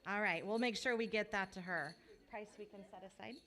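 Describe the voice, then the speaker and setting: A woman's voice: mid-range voice, brisk, a bit bright, slight background noise. A woman calling up students at a school board award ceremony, friendly and careful to say each name right. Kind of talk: reading names at a ceremony. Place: school board meeting room.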